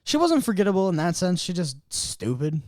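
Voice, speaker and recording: A man's voice: sits high, fairly quick, no room sound, clean studio sound. A young man chatting casually on a podcast, retelling scenes with lots of animation. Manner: animated storyteller, acts out scenes in quoted voices. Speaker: podcast co-host. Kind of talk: casual chat.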